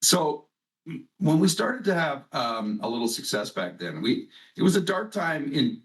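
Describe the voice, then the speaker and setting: A man's voice: a little high, sing-song, a little slow, a bit bright. Guy hosting a company call, chatty and jokey, kinda far from the mic. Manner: rambling, joking storyteller. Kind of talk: casual conference call chat.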